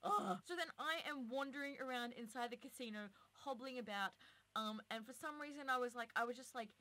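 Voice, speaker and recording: A woman's voice: fairly high pitch, brisk, pushed and bright. A woman in her twenties telling a rambling story to her viewers in a casual vlog, talking chattily with lots of filler words. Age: 20s. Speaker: vlogger.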